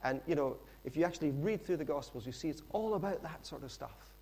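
Middle-aged preacher guy telling a story, chatty asides, voice a bit on the high side. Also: fast talker. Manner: lively storytelling, acts out characters, conversational asides. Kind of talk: sermon.

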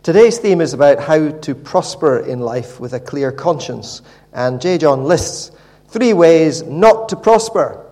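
A man's voice: fairly high pitch, lively intonation, measured pace, dark tone. A man preaching a sermon, often stalling and repeating words as he goes.

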